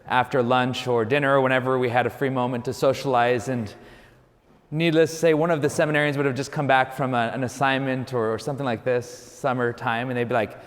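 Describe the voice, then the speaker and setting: A man, a Catholic priest, preaching a homily in a relaxed, storytelling way, often adding "you know". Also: medium pitch, fairly quick, big-room sound.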